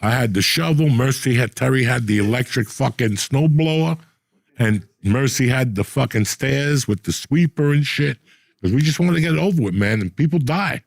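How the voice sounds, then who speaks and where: Gravelly older New man ranting. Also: medium pitch, moderate pace, dry recording. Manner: profane, rambling, animated storyteller. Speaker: podcast host. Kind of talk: casual storytelling chat.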